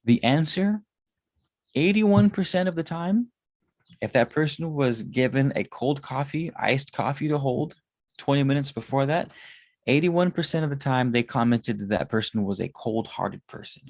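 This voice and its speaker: A man's voice: mid-range voice, expressive, moderate pace, darkish tone, no echo. A man in his thirties, a tarot reader, talking in a casual, rambling monologue and swearing often. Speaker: tarot reader and spiritual consultant.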